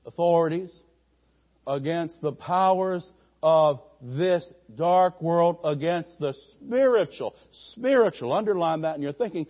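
A man with a high voice preaches to his congregation, climbing into loud, emphatic bursts before falling back to soft, conversational asides. The recording is dull and muffled, like old lo-fi church audio. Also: measured pace. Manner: preaching with sudden loud rising peaks and quiet asides. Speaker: pastor. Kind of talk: sermon.

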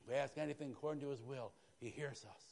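A male pastor preaching a sermon with fervor, dropping to a hush and then rising to shouts, and calling out "Amen?" to his congregation. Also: mid-range voice, fairly even intonation, quick pace, gravelly, long reverb tail. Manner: fervent, swinging from hushed to shouting. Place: church sanctuary.

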